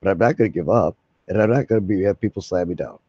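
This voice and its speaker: A man live streams, chatting casually to his viewers in a rambling, folksy style and swearing freely. His low, warm, husky voice runs fast, with no room sound, through a dull lo-fi mic.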